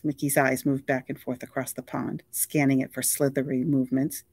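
A reader narrating a novel at a mid pitch, steady and even, close to the mic. The sound is dry, with no room around it. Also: normal speed, few pauses, no room sound. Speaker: audiobook reader.

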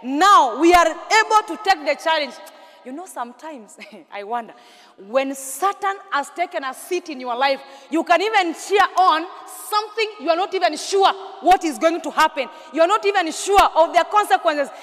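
A woman pastor, preaching a sermon with call-and-response questions and sudden shouted bursts. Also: very high-pitched, lively intonation, moderate pace, long reverb tail. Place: large church hall.

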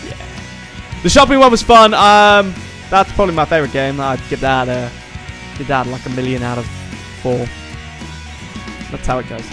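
A man's voice: mid-range voice, normal speed, pauses often, bright, forceful tone, faint music behind. A young man hosting a let's-play, giving sarcastic, rambling commentary and swearing freely. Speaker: gaming channel host.

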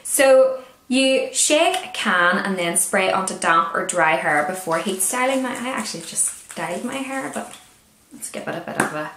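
A woman's voice: mid-range voice, expressive, normal speed, a bit bright, a little hiss or hum. A woman with a Northern Irish accent, chatting casually as she reviews beauty products with wry asides. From Northern Ireland. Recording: roomy echo.

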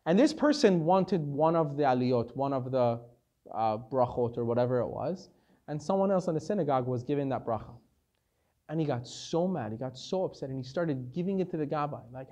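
High-voiced rabbi teaching a lively lesson. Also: male voice, fairly quick. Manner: animated, conversational, sprinkles Hebrew terms. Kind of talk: Torah lecture with storytelling.

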